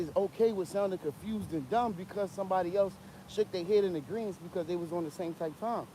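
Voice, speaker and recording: A young man rants bluntly on a livestream, swearing as he rambles. His voice sits high but mellow, and he keeps coughing from a cold. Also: slight background noise, poor audio. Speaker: livestream host. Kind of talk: casual livestream rant.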